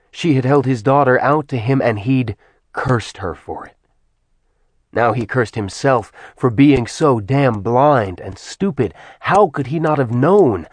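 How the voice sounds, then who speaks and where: A man's voice: medium pitch, breathy edge, no room sound. Man narrating a dramatic audiobook. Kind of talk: scripted narration.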